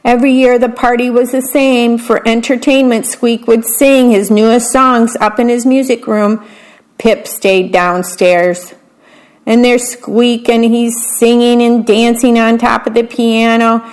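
A woman reads a picture book aloud at an unhurried pace. Her voice sits slightly high. Between the lines of the story she drops into an easy, chatty aside, describing the pictures. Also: level tone, a little mellow, rough recording. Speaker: storybook reader.

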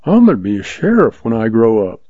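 A man voicing an eager young boy, high and excited, in a storybook reading with a dull, lo-fi sound. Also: fairly quick, no echo. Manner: admiring, excited.

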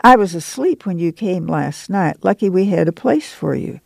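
A man reading the part of a friendly, lean camp manager who talks with easy, chatty warmth. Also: high voice, moderate pace, creaky, dry recording.

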